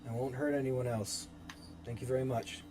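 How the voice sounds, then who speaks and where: A man playing a haunted, despairing young man who speaks quietly and with resignation. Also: mid-range voice, level tone, moderate pace, lightly acted. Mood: resigned. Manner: quiet, resigned, breaking to cries.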